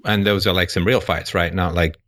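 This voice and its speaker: A man's voice: low voice, steady tone, fairly quick, fairly bright tone. A man with a British accent hosting a call-in show, asking probing questions with dry sarcasm.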